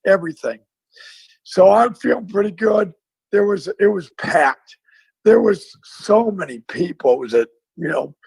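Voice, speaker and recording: A man, a former football coach, telling a lively story in a casual interview and acting out the dialogue. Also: high voice, gravelly, husky, dry recording, low-quality recording. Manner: animated storyteller, acts out dialogue.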